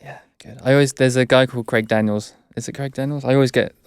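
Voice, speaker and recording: Smooth, gravelly-edged English man. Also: medium pitch, fairly even intonation, fast, no echo, clean studio sound. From England. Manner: hesitant, self-correcting, laughs easily. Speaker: guest, English teacher. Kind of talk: casual chat.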